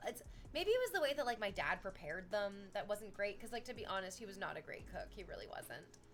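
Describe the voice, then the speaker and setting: A young woman streamer from Canada, chatting casually with her live chat, telling animated stories and swearing freely. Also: medium pitch, fairly quick.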